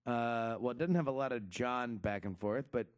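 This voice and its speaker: A man's voice: medium pitch, normal speed, clean tone. A man co-hosting a podcast in casual banter, rambling, swearing and laughing often. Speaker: podcast co-host.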